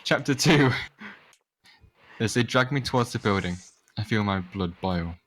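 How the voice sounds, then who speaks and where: A man's voice: fairly low pitch, a little fast. A young man reading a fanfic aloud to friends in a sarcastic, overacted way, now and then tripping over words. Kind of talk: mocking dramatic read-aloud.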